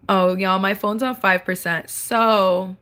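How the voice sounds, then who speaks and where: A chatty young woman talks live to her viewers from a dark room at home, speaking into her phone. Her voice sits in an ordinary middle range for a woman. She laughs often and hums or sings short snatches between remarks. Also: medium pitch. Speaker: livestream host. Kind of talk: casual livestream chat, reading comments.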